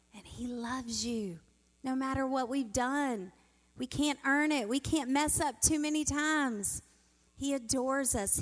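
A middle-aged woman giving a sermon as a guest speaker, telling stories in an animated way and acting out the quotes. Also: a little high. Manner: animated, storytelling, acts out quotes. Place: church sanctuary. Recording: reverberant church hall.

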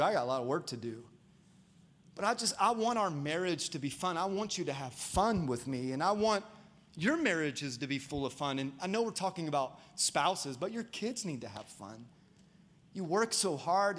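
High-voiced animated man preaching. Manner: animated and conversational, jokes with the congregation. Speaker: pastor. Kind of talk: sermon. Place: church auditorium before a congregation.

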